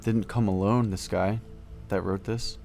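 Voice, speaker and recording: A man playing a tabletop game, talking hesitantly with lots of fillers and soft trailing endings. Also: on the low side, fairly even intonation, measured pace, gravelly, soft background music. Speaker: player. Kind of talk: tabletop role-play chat.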